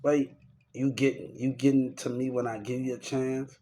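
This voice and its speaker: A man's voice: medium pitch, level tone, moderate pace, warm tone, slight background noise. A young man talking in a rambling, repetitive and profane way, venting about people in his life in a casual rant to camera. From Texas.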